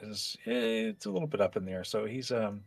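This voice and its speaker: A man's voice: on the low side, huge pitch swings, a little fast, creaky, slightly rough, soft background music. A man playing in a tabletop game, explaining his character's nervousness in a hesitant, rambling way. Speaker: player. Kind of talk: casual tabletop play.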